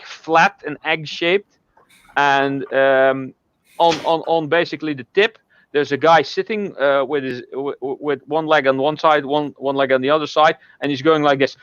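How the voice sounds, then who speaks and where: A man's voice: on the high side, a bit bright, highs cut off, a little hiss or hum. Man rambling through a long joke. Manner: rambling, halting joke-telling. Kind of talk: casual storytelling.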